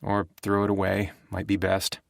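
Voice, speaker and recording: A man voicing a gentle middle-aged former professor who speaks softly and calmly in an audiobook. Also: deep voice, normal speed, vocal fry, dry recording, clean studio sound. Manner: soft, calm, reassuring.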